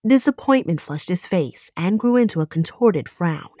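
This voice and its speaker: A woman's voice: fairly low pitch, lively intonation, normal speed, few pauses, dark tone, dry recording. Woman narrating an audiobook, dry sound.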